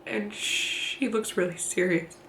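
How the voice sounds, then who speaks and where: A woman in her thirties telling a personal story to camera in a candid, halting, plain-spoken way. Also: mid-range voice, fairly bright tone, reverberant, a little hiss or hum. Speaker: vlogger.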